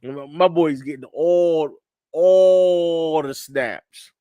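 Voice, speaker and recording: This podcast host from Connecticut has a warm, smooth voice on the high side and draws out his words. On a livestream through a studio mic with no room sound, he hosts a casual sports chat, relaxed, repetitive, and quick to laugh.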